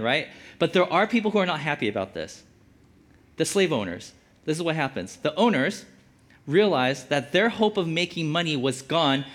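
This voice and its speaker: A man's voice: a little high, animated, moderate pace, a bit bright. A man giving casual Bible teaching as a preacher, conversational and full of filler words. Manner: conversational, lots of "like" fillers, acts out quotes.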